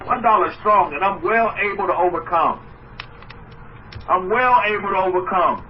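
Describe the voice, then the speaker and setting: A man preaching a sermon as a rabbi, animated, trading mock voices and asides with his listeners. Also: high-pitched, moderate pace. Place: room with listeners. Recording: muffled distant mic with faint noise.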